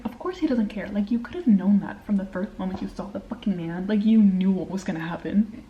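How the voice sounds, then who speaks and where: A young adult woman chatting in a casual reading vlog, excitable and swearing freely, often dropping into hushed whispers. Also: medium pitch, fairly quick, dull audio. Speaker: book vlogger.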